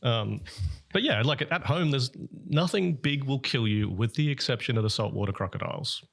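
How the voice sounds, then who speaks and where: An Australian man joins a podcast as a guest, talking in a loose, casual way. He tells animated stories and acts out quoted lines, and his voice sits in a middle pitch. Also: moderate pace, vocal fry. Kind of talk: casual chat.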